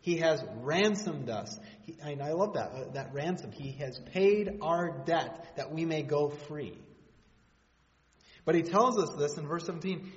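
In a church hall, a man delivers a sermon in a conversational, joking manner, tossing out rhetorical questions at an unhurried pace. His voice sits a little high, and the sound is dull with a long hall reverb.

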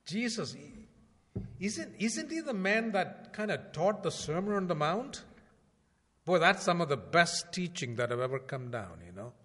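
A man preaching a sermon in a conversational way, asking rhetorical questions and swinging between loud emphasis and quiet asides. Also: sits high, sing-song, a little slow. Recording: long hall reverb.

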